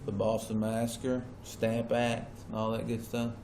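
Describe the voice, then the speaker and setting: A man's voice: on the low side, monotone, measured pace, darkish tone, soft background music. A male teacher lecturing a classroom in a casual way and often checking that the students are following.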